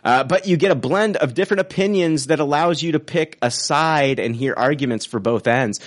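A man's voice: fairly high pitch, normal speed. A man co-hosting a casual podcast, reading listener reviews aloud with laughter and mock drama. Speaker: podcast co-host.

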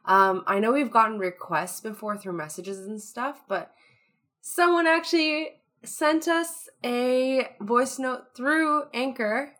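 A woman's voice: fairly high pitch, takes it slowly, a bit bright. A woman co-hosting a casual podcast, chatting and laughing easily with fillers between thoughts. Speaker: podcast co-host.

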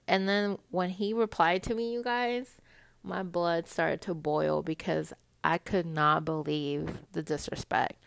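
A young woman telling a story to her viewers in a casual, animated rant, swearing freely as she gets heated. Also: on the low side, a little slow, gravelly, no room sound. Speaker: vlogger.

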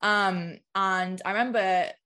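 A woman's voice: medium pitch, fairly even intonation, takes it slowly, bright, forceful tone, clear, resonant tone. A woman from the United Kingdom, a business mentor chatting casually as a podcast guest, filling her talk with "like". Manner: chatty, lots of filler "like".

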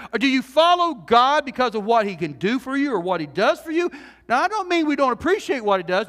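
Earnest and animated, a pastor with a strikingly high voice preaches from the pulpit, pressing his point by restarting phrases and asking his congregation question after question. The large church hall gives his words a long, ringing reverberation.

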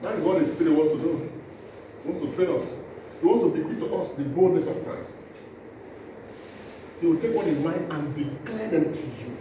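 A male preacher, delivering an impassioned sermon, acting out scenes and swinging from loud cries to low asides. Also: moderate pace, pauses often. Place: church hall. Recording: echoey hall, distant mic, noisy.

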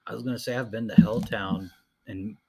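A man's voice: fairly low pitch, steady tone, fairly quick, creaky, background noise. A young man co-hosting a podcast, telling stories in a laid-back way with a lot of swearing. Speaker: podcast co-host. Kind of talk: casual chat, telling stories.

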